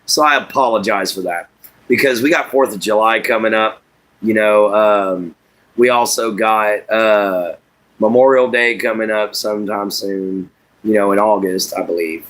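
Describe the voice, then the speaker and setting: A man's voice: fairly low pitch, a little slow, a bit bright. A man hosting a casual livestream, rambling in a folksy way, laughing often as he reads and answers viewer chat.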